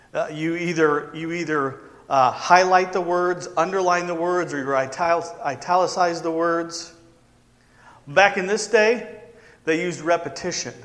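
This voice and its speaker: A man preaching a sermon, stressing key words by repeating them and slowing down. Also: high voice, fairly bright tone, in a large hall. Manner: emphatic repetition, slowing for stress. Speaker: pastor.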